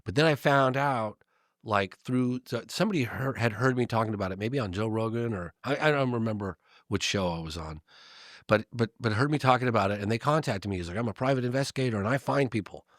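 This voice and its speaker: A man's voice: on the low side, animated, brisk, fairly bright tone, no echo, clean studio sound. A man telling a long story in casual talk, rambling with fillers and restarts and acting out the voices he quotes. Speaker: guest.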